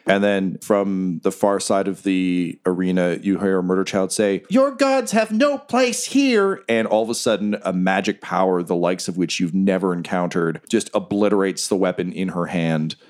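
A man calmly narrating a tabletop game as game master. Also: low-pitched. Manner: calm, measured narration.

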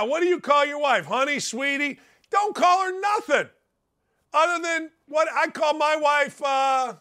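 American radio guy, high lively voice, bright and punchy, blunt folksy rambling advice. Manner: blunt, folksy, rambling, swings between loud and muttered asides. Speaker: sports radio host. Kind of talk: animated monologue giving advice.

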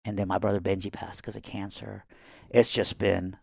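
A low-pitched, gravelly man spins a family story as a podcast guest and acts out each person in it. He is middle-aged and from Iran. The sound is close and dry, with no room sound. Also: moderate pace, no echo. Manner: animated, acting out quoted family members.

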